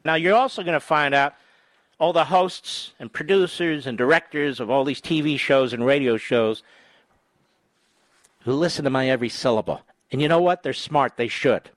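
A man hosting a political talk radio show, emphatic, jumping between loud rising outbursts and low asides into a studio microphone. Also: moderate pace, dry recording.

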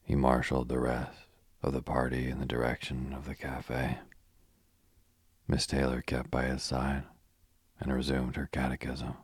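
A man narrating a classic mystery as a calm bedtime audiobook. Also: a bass voice, breathy edge, no room sound, studio quality. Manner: even, unhurried reading.

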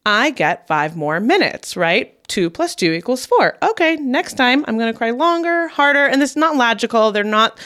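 A woman's voice: high-pitched, animated, moderate pace, few pauses, a bit bright, smooth. A woman in her thirties co-hosting a parenting podcast, chatting candidly, swearing freely and laughing often. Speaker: podcast co-host. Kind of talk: casual chat.

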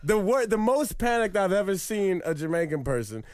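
A man co-hosting a comedy podcast, laid-back and quick to laugh. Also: sits high, big pitch swings, a little mellow, dry recording. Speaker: podcast co-host. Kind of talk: casual comedic banter.

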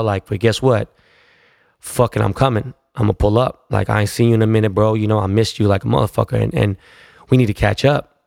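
A man's voice: on the low side, creaky, a little mellow, no room sound, clean studio sound. A young man telling a long story in a casual, slangy, profane and rambling way.

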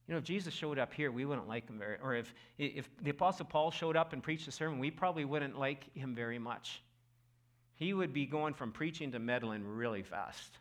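A middle-aged male pastor preaching a sermon in a church, impassioned, who acts out quotes loudly. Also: fairly high pitch, a little fast. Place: church auditorium.

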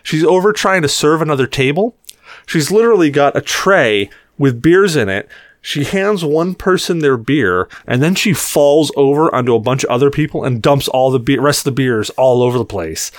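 A man's voice: fairly high pitch, normal speed, no echo, studio quality. A young man co-hosting a podcast, telling a rowdy story casually with swearing and acted-out quotes. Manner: animated, swearing, acts out quotes. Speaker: podcast co-host.

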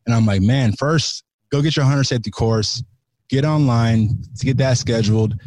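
A man's voice: mid-range voice, normal speed, darkish tone, no echo. A man from California, a podcast guest, talking in a loose, slangy way, swearing freely and restarting his sentences. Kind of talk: casual chat.

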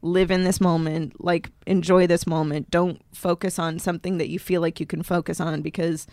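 A woman co-hosting a podcast, telling a story in casual chat and acting out the people she quotes in higher voices. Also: flat delivery, normal speed, darkish tone, no echo, studio quality. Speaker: podcast co-host. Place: podcast studio.

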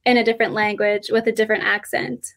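A Canadian woman, a country singer, talks through her answers in a casual interview. She speaks at a middling pitch, earnest and thoughtful. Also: flat delivery, quick pace, fairly bright tone.

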